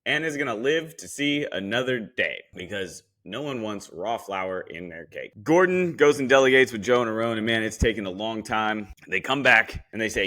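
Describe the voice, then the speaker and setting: A man hosting a podcast, giving a blunt, animated, casual recap of a cooking competition and swearing freely. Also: mid-range voice, normal speed, hardly any pauses. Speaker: podcast host.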